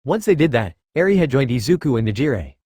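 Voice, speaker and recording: A man narrating a fan fiction story in a flat, hurried reading voice. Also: mid-range voice, breathy edge, no room sound, clean studio sound.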